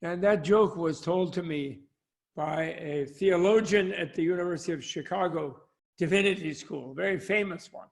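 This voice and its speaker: A man's voice: high voice, normal speed, gravelly. An older man, a Buddhist scholar, talking over a video call in a rambling, anecdotal way with frequent chuckles. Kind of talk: discussion with jokes. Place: home, online talk.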